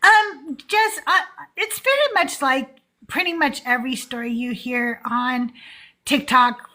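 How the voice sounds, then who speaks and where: A woman's voice: sits high, measured pace, bright, forceful tone. A woman in her forties hosting a live call-in show, chatting casually and laughing often between many fillers. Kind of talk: casual livestream chat.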